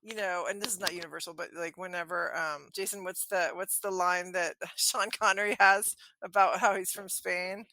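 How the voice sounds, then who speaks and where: A woman co-hosting a casual film podcast, animated and quick to laugh, often trailing off into fillers. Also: lowish voice, no echo, rough recording. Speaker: podcast co-host.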